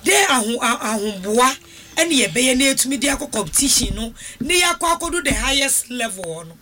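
A woman's voice: a little high, expressive, fairly quick, sharp tone. A woman hosting a radio talk show, giving brief affirmations and mixing English with her local language. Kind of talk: casual radio discussion.

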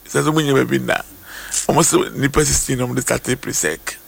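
A Ghanaian man hosting a lively talk show, switching languages, repeating phrases and breaking into song. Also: medium pitch, brisk, vocal fry, slightly rough. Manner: animated, repeats phrases, slips into sung lines. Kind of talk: lively mixed-language talk with bursts of singing. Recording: loud music playing behind the voice.

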